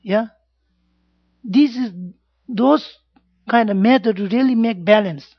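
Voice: mid-range voice, takes it slowly, dry recording. Buddhist teacher, plain broken English, keeps checking in with the class; dull, dry lo-fi recording. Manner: simple broken English, frequent checks like "yeah?" and "you know". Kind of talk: informal Dharma class talk.

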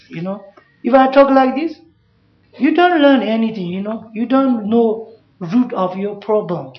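A Dharma teacher talks to a class in simple, halting English and keeps asking "yeah?" to check that listeners follow. The voice is mid-pitched. It sounds dull and muffled in a roomy, echoing space. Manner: simple broken English, frequent checks with "you know" and "yeah?". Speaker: Buddhist teacher. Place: class room. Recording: echoey, dull room recording.

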